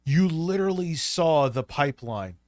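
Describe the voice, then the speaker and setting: A man's voice: a little high, expressive, moderate pace, a little mellow, no echo. Sarcastic man with a dry sound. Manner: sarcastic, profane interjections. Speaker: stream co-host. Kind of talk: casual commentary.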